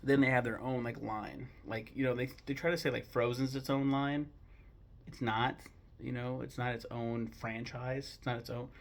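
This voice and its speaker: A young American man ranking animated films in a casual, blunt, profane and rambling way, with sudden bursts of mock outrage. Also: medium pitch, moderate pace, creaky. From United States. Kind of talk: casual opinion talk.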